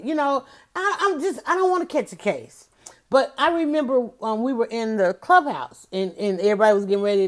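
A woman giving a casual opinion monologue, emphatic and animated, speaking directly to her listeners. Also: a little high.

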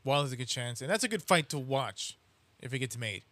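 A man's voice: medium pitch, animated, fairly quick, bright, forceful tone, no room sound. A man co-hosting a boxing podcast, chatting casually, agreeing often and speaking in loose, rambling phrases. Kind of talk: casual chat.

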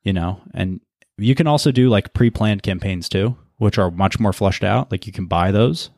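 A man's voice: lowish voice, normal speed, creaky, a little mellow, no room sound, clean studio sound. A man hosting a podcast in a laid-back, casual chat and swearing freely. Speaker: podcast host.

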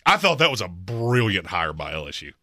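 A man co-hosting a sports talk show, debating coaches in an emphatic, opinionated way with quick jokes. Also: deep voice, sing-song, pushed and bright, no room sound, studio quality. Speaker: sports podcast co-host.

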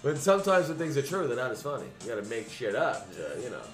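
A man's voice: mid-range voice, very animated, fast, a bit bright. A man hosting a comedy podcast, telling crude jokes and mock stories in casual banter. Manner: profane, joking, mock storytelling. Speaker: podcast host. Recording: roomy echo with music behind.

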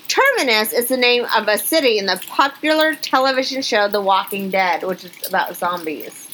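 Bright, chatty woman podcast host. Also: medium pitch, normal speed, a little hiss or hum, rough recording. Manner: chatty, animated, reacts with exclamations. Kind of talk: casual chat, reading news stories aloud.

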